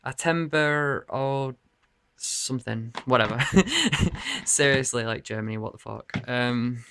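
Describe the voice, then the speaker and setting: Gravelly-voiced man chatting casually. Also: medium pitch, little pitch movement, unhurried, bright, forceful tone, slight background noise. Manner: rambling, laughing and swearing often. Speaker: video game collector showing his cases. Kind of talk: casual chat to camera. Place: bedroom.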